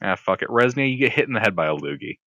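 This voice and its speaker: A man narrating as game master of a streamed tabletop game, halting with many fillers. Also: on the low side, sing-song, pushed and bright, no room sound, muffled recording.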